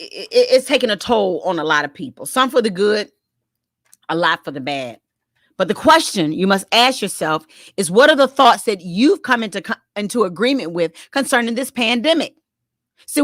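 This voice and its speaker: A woman's voice: mid-range voice, a bit bright, dry recording, clean studio sound. A middle-aged woman pastor and therapist giving a faith-based talk on mental health, earnest and emphatic, repeating words as she stresses her points.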